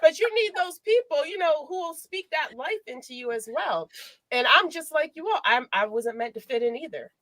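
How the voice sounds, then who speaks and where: A woman hosting a podcast as a life coach, telling personal stories in an expressive, motivational way. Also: sits high, normal speed, no echo. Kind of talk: casual podcast chat.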